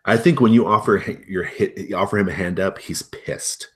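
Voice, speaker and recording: A man's voice: low-pitched, moderate pace, slightly rough. A man narrating as game master of a tabletop role-playing game, talking with many hesitant fillers.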